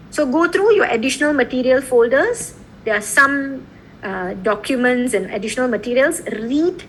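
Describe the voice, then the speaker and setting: Woman, law lecturer, slightly high voice, very animated pitch, frequent check-ins, faint background hiss. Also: low-quality recording. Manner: lively, repeatedly checking in with "okay?" and "right?". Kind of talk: online class lecture.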